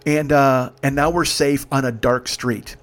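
A man telling a comedy story in an animated, profane way. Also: mid-range voice, unhurried.

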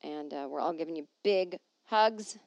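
A woman's voice: deep voice, normal speed, creaky, a little mellow, dry recording. A middle-aged woman comedian hosting her podcast from home, chatting loosely and joking at her own expense while reading listener emails. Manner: rambling, self-deprecating, jokey asides.

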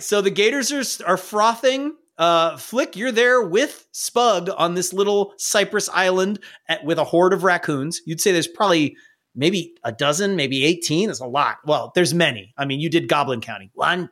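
A man narrating as game master of a tabletop game, playful and quick to laugh. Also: high voice, a bit bright.

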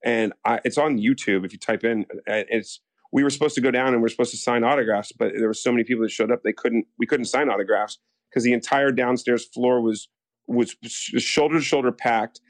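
A man's voice: medium pitch, a little fast, dry recording. A man from the United States, an actor telling stories in a casual interview, rambling with lots of restarts. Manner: rambling, animated, full of restarts and acted-out quotes.

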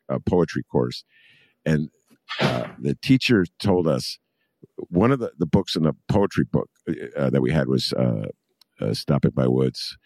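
A man hosting a podcast conversation, rambling with many fillers and an animated delivery. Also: extremely low pitch, no echo. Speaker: podcast host.

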